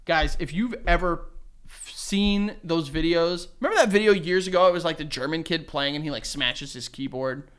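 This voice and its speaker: A man co-hosting a podcast in casual chat, telling lively stories, acting out quotes and laughing often. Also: a little high, moderate pace, clean tone. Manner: animated storyteller who acts out quotes and laughs often. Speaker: podcast co-host.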